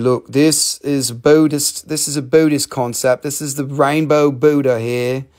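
A man's voice: on the high side, darkish tone. A man selling rocks and minerals on a live stream, joking around, rambling and swearing casually. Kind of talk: casual live sales chat.

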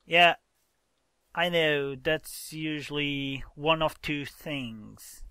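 A man's voice: fairly high pitch, very slow, sharp tone, clean tone, no room sound. A man hosting a casual let's-play, explaining game mechanics and exclaiming in exasperation as he plays with a friend. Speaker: gaming channel host.

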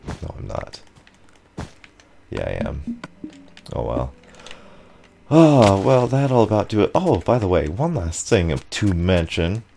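A young man hosting his gaming channel, rambling through an excitable story in casual commentary. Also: low voice, slow, gravelly, pauses often, faint music behind. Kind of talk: casual commentary over gameplay.

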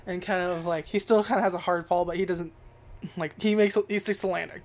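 A woman's voice: on the low side, fairly even intonation, brisk, a little mellow. A woman giving casual first impressions of a show, rambling, swearing freely and correcting herself as she goes. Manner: rambling, profane, self-correcting. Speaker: anime reviewer.

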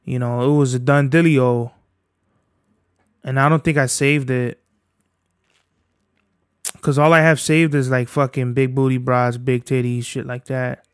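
A man's voice: mid-range voice, fairly even intonation, measured pace, pauses often, clear, resonant tone, dry recording, studio quality. A man hosting his own podcast from home, chatting in a rambling, profane, slang-heavy way. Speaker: podcast host. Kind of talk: casual solo podcast chat.

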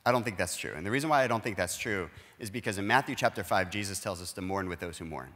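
In a church auditorium, a male pastor gives a conversational sermon, earnestly explaining things and acting out everyday dialogue. His deep voice moves fast with a fairly bright tone, and the sound carries a big-room quality.

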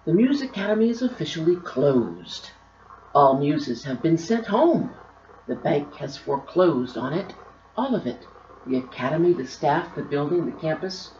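A woman voicing a gruff, reclusive old woman who keeps an attic, stern and grumbling. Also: sits low, very animated, normal speed, darkish tone, a little hiss or hum. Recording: roomy, slightly dull recording.

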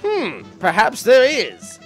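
A man's voice: extremely high pitch, wildly swooping pitch, faint music behind, voice pushed up, full character voice. A man reading a storybook intro aloud, voicing a sleazy devil casino boss in a hammy 1930s gangster style. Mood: gloating. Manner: loud, hammy, drawn-out threats.

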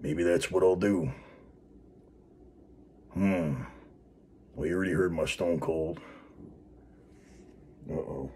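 Man, very low voice, wrestling show host, rambling casual vlog, faint noise behind. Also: slow, long pauses, a little mellow. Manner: rambling, filler-heavy, laid-back.

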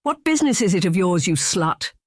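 Narrator doing a harsh, blustering laird, bad-tempered, dry close read. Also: male voice, a little high, fairly even intonation, normal speed, no echo, lightly acted. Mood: angry. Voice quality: harsh, raging. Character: blustering Scottish laird, middle-aged man, bad-tempered.

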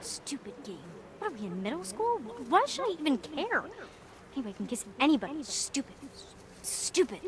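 An actress voicing an awkward, sardonic young camp counselor in a video game. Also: female voice, high-pitched, big pitch swings, normal speed, a crowd in the background. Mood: irritated. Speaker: game character.

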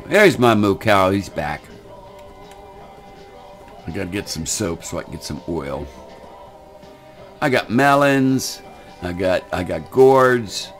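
Older man, low-pitched, folksy rambling game commentary, faint music behind. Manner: folksy, rambling, repeats words. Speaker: gaming channel host.

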